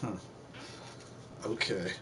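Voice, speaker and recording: A man's voice: extremely slow, noisy background. A man casually commentating on a fighting game, crude and sarcastic, swearing often. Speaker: let's play host. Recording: game music underneath.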